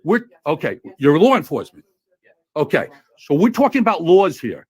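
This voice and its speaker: A man filming a heated argument at a post office, talking loud and combative, repeating himself and talking over others. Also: fairly high pitch, big pitch swings, moderate pace, husky. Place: indoors at a post office counter.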